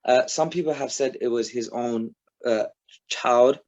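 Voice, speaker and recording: A man's voice: medium pitch, measured pace, darkish tone, dull audio. A man co-hosting a casual podcast, chiming in emphatically. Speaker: podcast co-host. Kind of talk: casual chat.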